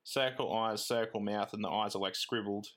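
A man's voice: lowish voice, fairly even intonation, moderate pace, fairly bright tone. A man, co-hosting a podcast in casual chat, joking and laughing often and slipping into silly voices. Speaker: podcast co-host.

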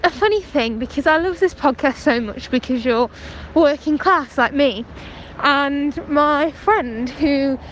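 A woman's voice: high voice, measured pace, fairly bright tone, muffled recording, a little hiss or hum. A young woman from England leaving a chatty voice note while walking down the street, telling a story in an amused way. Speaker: caller leaving a voice message. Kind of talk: casual voice note. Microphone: phone.

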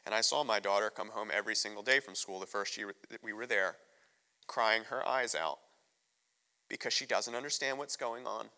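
Bright-voiced emotional American preacher. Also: male voice, lowish voice, normal speed. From United States. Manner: candid, emotional storytelling. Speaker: missionary guest preacher. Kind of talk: sermon. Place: church sanctuary. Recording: long reverb of a church hall.

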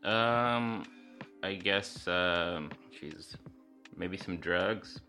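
A man playing his character in a tabletop game, talking in a hesitant, mumbling, deadpan way. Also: low voice, extremely slow, faint music behind. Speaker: player.

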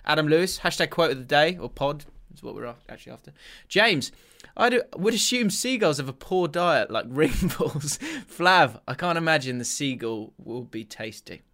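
A man's voice: on the high side, expressive, moderate pace, a bit bright. A man co-hosting a casual football podcast, chatty, laughing often and restarting his sentences. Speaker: podcast co-host.

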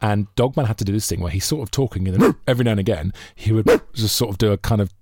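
A man's voice: fairly low pitch, very fast, no echo, studio quality. A Welsh man co-hosting a podcast, chatting casually and telling jokey stories with lots of laughter. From Wales. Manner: jokey, animated storytelling, often laughing. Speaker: podcast co-host. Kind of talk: casual chat.

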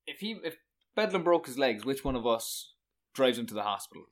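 A man's voice: medium pitch, sing-song, a little fast. A young man co-hosting a podcast, telling stories casually and swearing in passing. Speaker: podcast co-host. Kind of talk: casual banter.

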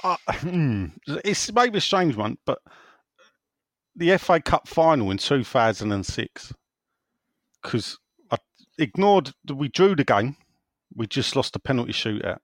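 A man's voice: mid-range voice, measured pace, dry recording. A man hosting a football podcast, reading out listener messages in a jokey, laughing way. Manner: jokey, laughs often, lively. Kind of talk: casual chat.

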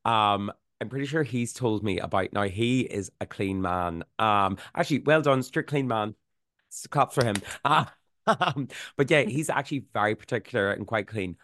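A man's voice: on the low side, normal speed, fairly bright tone, no room sound. Loose, laughing male podcast co-host. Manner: laughing, loose, filler-heavy storytelling. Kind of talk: casual podcast chat.

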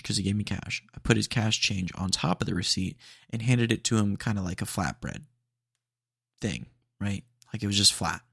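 A man's voice: on the low side, gravelly, slightly rough, no room sound, clean studio sound. A man hosting a podcast, chatting casually and rambling with lots of fillers and laid-back slang. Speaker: podcast host.

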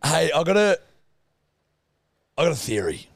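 A man's voice: fairly high pitch, sing-song, measured pace, vocal fry, noisy background. A young Australian man co-hosting a podcast, telling stories with a laugh and plenty of swearing. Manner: laughing storyteller, swears freely. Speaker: podcast co-host. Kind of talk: casual chat.

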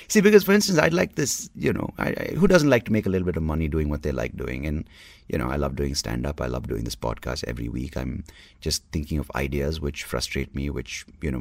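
Very deep gravelly man, candid podcast talk. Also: darkish tone, no echo. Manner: candid, rambling, swears freely. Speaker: podcast host and stand-up comedian. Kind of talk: solo podcast monologue.

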